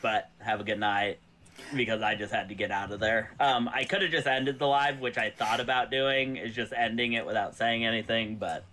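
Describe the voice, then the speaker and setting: A man's voice: medium pitch, steady tone, a little fast, hardly any pauses, pushed and bright. A man from the US South chatting casually as a guest, rambling loosely with many fillers. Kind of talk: casual chat.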